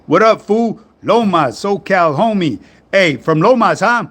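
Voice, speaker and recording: Socal guy on a livestream, kinda high voice, loose and cussing, reading comments. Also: lively intonation, a little slow, a bit bright. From Southern California. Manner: slangy, profane, laid-back. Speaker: fitness livestream host. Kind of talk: casual livestream chat answering comments.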